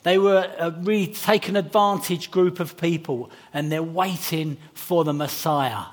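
An English man gives a Christmas sermon in a church hall with a light, high voice. He keeps it chatty with little jokes, then slows right down to read the Bible passage. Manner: chatty and jokey, slowing for scripture reading. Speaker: pastor. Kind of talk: Christmas carol service sermon. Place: church hall before a congregation.

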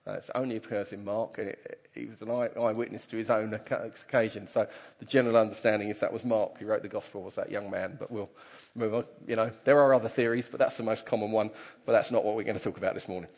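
A man preaching a conversational sermon to his congregation and reading scripture aloud with animated delivery. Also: lowish voice, fast talker, gravelly. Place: church hall. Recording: reverberant church hall.

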